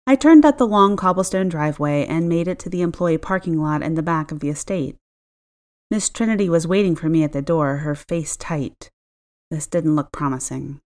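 Woman narrator, expressive audiobook read, slightly low voice, wry touch. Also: moderate pace. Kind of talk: first-person audiobook narration.

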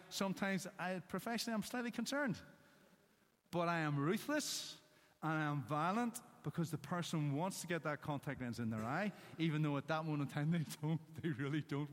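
A man gives a sermon in a storytelling way, landing short one-word emphases between anecdotes. His voice sits a little high for a man. The sound carries a long reverb from the church hall. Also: fairly bright tone. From Northern Ireland. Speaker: preacher.

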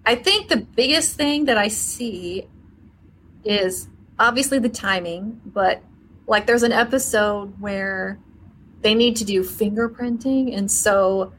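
A woman's voice: medium pitch, takes it slowly, a bit bright, a little hiss or hum, poor audio. A woman, a forensic scientist and podcast guest, explaining her work in chatty, casual talk full of "like" fillers.

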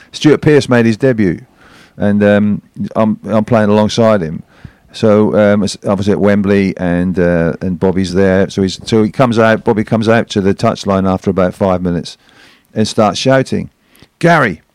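A man telling anecdotes as a guest on a chat show, animated and acting out shouted quotes. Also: fairly low pitch, clear, resonant tone, dry recording.

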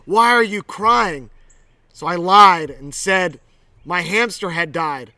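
Bright, high-voiced pastor preaching. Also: male voice, no echo, distant mic. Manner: earnest, reflective storytelling. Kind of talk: sermon.

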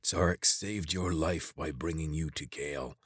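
A man voicing a croaking old lizard elder. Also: extremely low pitch, no echo, studio quality, heavily acted. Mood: stern, weakening. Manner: croaking, slow and halting. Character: old male lizard watcher, stern, failing.

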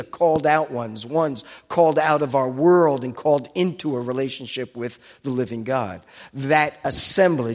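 A man giving a sermon, teaching with asides and explaining Hebrew and Greek words. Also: medium pitch. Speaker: pastor. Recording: long hall reverb.

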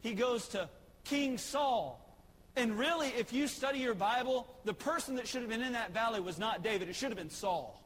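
A man's voice: very high voice, normal speed, a bit bright, long reverb tail, low-quality recording. A man preaching a sermon, telling a story conversationally. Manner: storytelling, conversational with acted quotes.

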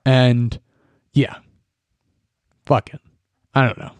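A man's voice: mid-range voice, level tone, slow, no room sound. A young man hosting a solo podcast, ranting in a rambling way and swearing often. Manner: profane, rambling and ranty. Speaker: podcast host. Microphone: podcast microphone.

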